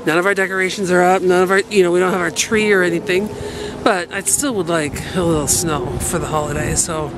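Chatty vlogger, casual narration, handheld camera, noisy recording. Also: medium pitch. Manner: chatty, coaxing a dog while filming. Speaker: daily vlogger. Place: outdoor courtyard behind a tall building in cold weather.

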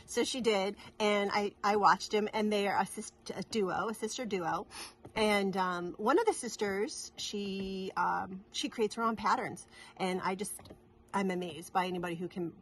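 A woman's voice: medium pitch, normal speed, fairly bright tone, slightly rough. A middle-aged woman from New England, chatting casually to camera in a rambling, giggly way with many restarts. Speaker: cross-stitch vlogger.

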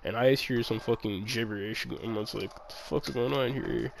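Gravelly man telling a rambling story. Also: medium pitch, brisk, a little hiss or hum, poor audio. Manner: rambling, profane storytelling, acts out dialogue. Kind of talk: casual chat. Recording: crowd chatter behind.

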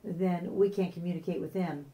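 A woman in the class speaks up from her seat in a low, mellow voice. She adds her comment in an even, conversational way. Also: moderate pace. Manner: chiming in with a comment. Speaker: class member.

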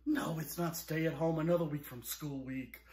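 A man's voice: fairly high pitch, normal speed, slightly rough. A man performing a children's story, telling it in an exaggerated, melodramatic way with gasps and mock horror and talking straight to young viewers. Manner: animated, jokey, talks straight to young viewers. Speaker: balloon artist and children's performer.

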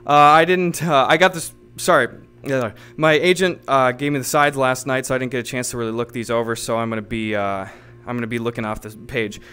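Bright, crisp-voiced man improvising comedy. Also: medium pitch, steady tone, soft background music. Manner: rambling, halting, full of fillers. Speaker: streamer. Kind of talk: improvised comedy role-play. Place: home streaming setup, playing in virtual reality.

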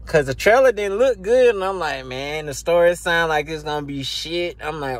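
A man's voice: sits high, sing-song, slow pace, pauses often. A man ranting casually and profanely to camera about video games, laughing often, recorded on a phone. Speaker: gaming YouTuber.

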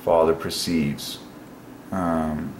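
A man hosting a casual solo video, musing aloud and breaking into excited exclamations. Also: rumbling low, extremely slow. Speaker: religious video host. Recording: echoey room with faint noise.

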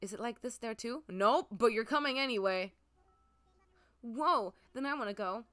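A woman's voice: on the high side, normal speed, a bit bright, close to an everyday voice. A woman reading the lines of a sweet little boy goat villager from a cozy game, in her own everyday voice.

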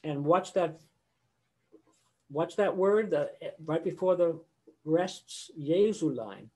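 An older man lecturing on choral conducting over a video call, his voice sitting a little high for a man. He talks in a loose, conversational way and now and then sings short phrases to show how they should sound. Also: expressive, slow, mellow. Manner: conversational, sings example phrases mid-explanation.

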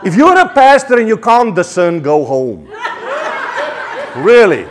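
A man's voice: high voice, sing-song, unhurried, crowd noise. A man with a South African accent preaching a sermon passionately, with frequent stammered restarts.

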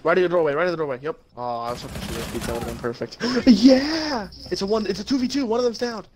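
A young man gaming with friends, excitable and quick to cheer and laugh. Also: sits high, background noise. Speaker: gamer, channel host. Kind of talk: casual gaming banter. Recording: game music behind voice.

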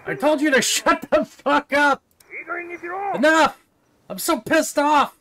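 A man voicing an angry male neighbor in a horror game, yelling threats. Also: extremely high pitch, expressive, a little slow, crowd noise, exaggerated voice. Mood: furious.

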